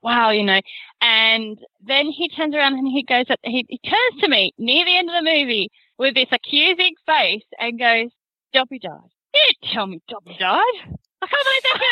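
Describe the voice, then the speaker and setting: A woman with a fairly high, bright voice telling a story among friends. She is chatty and quick to laugh. The sound is dry and close. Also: no echo, low-quality recording. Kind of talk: casual storytelling chat.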